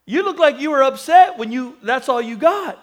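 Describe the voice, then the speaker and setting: A man voicing a nosy, curious man in a high, squeaky, excited voice. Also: normal speed.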